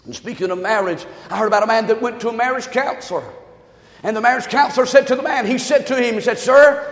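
High-voiced preaching man in echoey church. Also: quick pace. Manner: impassioned preaching, swinging between shouts and low asides, joking. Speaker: pastor. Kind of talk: sermon. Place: church sanctuary.

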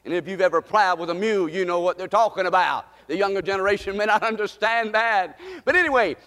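A man's voice: high voice, fast talker, sharp tone, big-room sound. A man preaching a sermon as pastor, impassioned and repeating key phrases for emphasis.

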